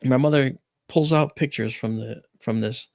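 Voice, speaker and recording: A man's voice: medium pitch, normal speed, creaky, dry recording. A man hosting a talk stream, chatting casually and telling a family story with lots of animation. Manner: animated storyteller, acts out quoted voices. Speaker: podcast host.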